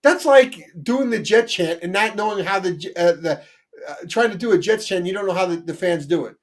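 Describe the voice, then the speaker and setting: High-voiced man chatting sports, animated. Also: a little fast. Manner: animated, rambling with frequent restarts. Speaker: sports podcast co-host. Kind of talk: casual sports talk.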